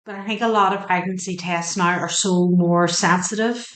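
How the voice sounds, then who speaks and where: A woman's voice: lowish voice, steady tone, moderate pace, roomy sound. A woman giving a tarot reading, chatty and emotional, asking the cards questions aloud as she turns them. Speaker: tarot reader. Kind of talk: spoken tarot card reading.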